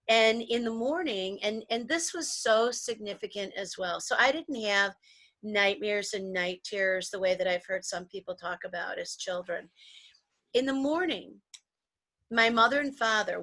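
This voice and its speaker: A woman co-host spins long, animated stories from her childhood, circling back and restarting as she goes. Her voice is bright and forceful at a middling pitch, recorded dry and close with no room around it. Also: moderate pace, no echo. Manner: rambling, animated reminiscing with restarts. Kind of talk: casual storytelling chat.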